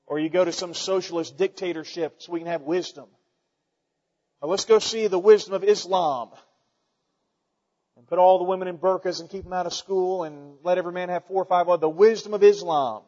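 A man preaching a folksy, animated sermon to his church, swinging between loud declarations and quiet asides. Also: high voice, brisk. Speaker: pastor. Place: church sanctuary. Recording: dull sound with long hall reverb.

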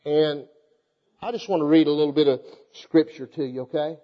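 An older man preaching a fervent sermon to a congregation, calling out to them and reading scripture aloud in a measured cadence. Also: fairly high pitch. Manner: fervent, exhorting preaching with rhetorical calls to the congregation. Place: church hall before a congregation. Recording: echoey hall, dull lo-fi sound.

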